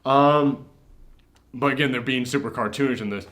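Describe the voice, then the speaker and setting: A man's voice: medium pitch, normal speed, fairly bright tone. A man hosting a casual movie reaction chat, retelling scenes with animation and acting out the characters' lines. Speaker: podcast host.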